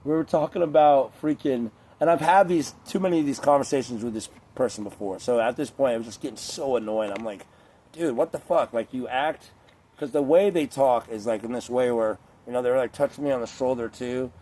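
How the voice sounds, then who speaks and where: A man's voice: mid-range voice, a little fast, dark tone. A man talking straight to camera in a casual, rambling rant, swearing often and leaning on filler words. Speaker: vlogger.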